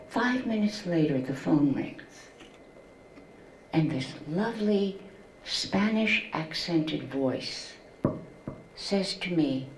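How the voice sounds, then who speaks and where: An older woman telling her own life story, slow and deliberate, with deep feeling in her storytelling. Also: animated, roomy sound, rough recording. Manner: slow, deliberate, emotional storytelling with quoted voices. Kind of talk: first-person storytelling to an audience.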